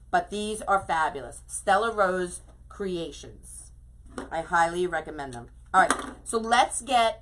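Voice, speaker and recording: A woman's voice: fairly low pitch, pushed and bright. A middle-aged woman hosting a casual craft live stream, chatting effusively and greeting viewers by name as she works.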